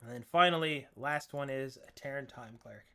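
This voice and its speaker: A man's voice: medium pitch, brisk, bright, forceful tone. A man running a tabletop game as game master, talking in casual, laid-back chat and swearing freely.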